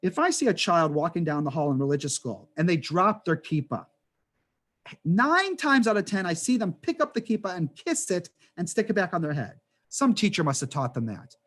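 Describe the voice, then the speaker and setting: High-voiced rabbi teaching over video call. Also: male voice, normal speed. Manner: animated storytelling with rhetorical questions and asides. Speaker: rabbi teaching an adult education class. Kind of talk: conversational class talk over video call.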